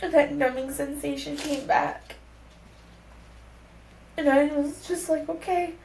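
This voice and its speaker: Young woman, gravelly voice, slightly high, candid storytelling, casual swearing, echoey room, faint hum. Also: steady tone, slow, a little mellow. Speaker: podcast guest. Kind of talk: personal storytelling conversation.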